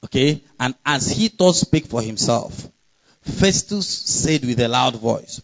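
A man's voice: mid-range voice, lively intonation, takes it slowly. Emphatic preacher man, muffled sound. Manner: emphatic, conversational preaching with frequent laughs and scripture readings. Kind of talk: sermon.

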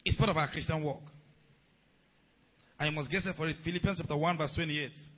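A man preaching a sermon as a pastor, calling on the congregation to respond and rising to shouts. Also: fairly high pitch, fairly even intonation, brisk, rough recording.

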